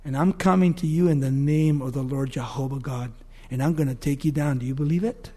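A defiant young shepherd hero, put on by a male preacher mid-sermon. He taunts his enemy with firm, emphatic words. The voice drops lower than the preacher's telling and stays steady. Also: a little fast, lightly acted.

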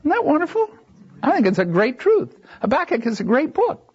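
A man preaches a Bible sermon in a high, animated voice that swoops up and down. He takes his time, leaning on key words and pausing for brief asides. The recording is dull and lo-fi. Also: husky. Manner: animated preaching with sudden rises and drops in pitch; slow, emphatic delivery with brief asides and restarts.

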